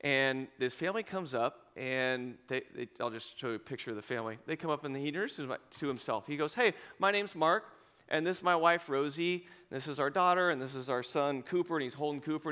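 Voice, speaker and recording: A man preaching a sermon as pastor, telling a story with lively acted-out dialogue and bursts of laughter. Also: on the high side, fairly quick, clean tone. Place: church auditorium. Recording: long reverb of a large hall.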